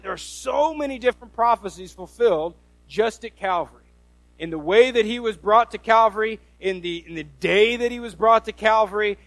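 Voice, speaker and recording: High-voiced pastor preaching with folksy energy. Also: male voice, dry recording. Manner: animated, folksy preaching with many restarts. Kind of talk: sermon.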